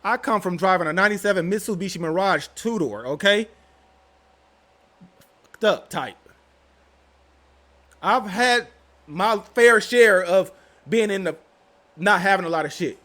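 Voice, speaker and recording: A man's voice: high voice, expressive, a little slow, long pauses, bright, forceful tone. A young man hosting his own channel, talking straight to his viewers in a slangy, rambling, casual way. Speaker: channel host. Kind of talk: casual vlog commentary.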